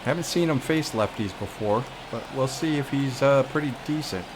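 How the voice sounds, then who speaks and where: A man's voice: mid-range voice, moderate pace, noisy background. A man with a New York accent giving casual, wry commentary while playing a baseball video game. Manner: chatty, wry, reacts to the game as it goes. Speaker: gamer playing a baseball franchise. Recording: game music playing behind.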